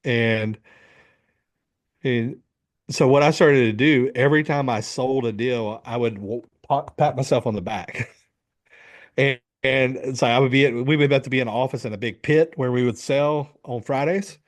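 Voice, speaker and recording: This is a middle-aged men's coach with a medium-pitched voice and moderate pace, narrating a story in an interview. He acts out quotes with animation and swears freely throughout.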